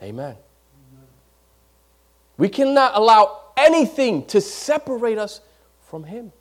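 A man delivering a sermon in a notably high voice. He swings between loud, emphatic peaks and hushed, near-whispered lines. He repeats phrases to drive them home and now and then stumbles over his words. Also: big pitch swings, takes it slowly. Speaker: preacher.

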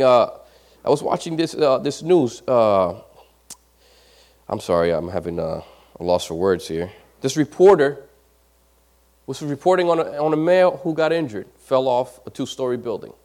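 A man preaching a sermon, building to loud emphatic peaks and dropping to near whispers, repeating phrases as he goes. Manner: swells loud and high for emphasis, then drops to near whispers; repeats phrases, occasional stumbles.

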